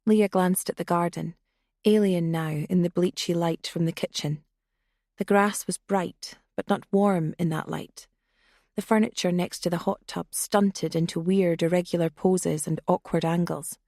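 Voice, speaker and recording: A woman reading a thriller audiobook in a measured narration that grows hushed in tense passages. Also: on the low side, fairly even intonation, dry recording, studio quality. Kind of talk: scripted suspense narration.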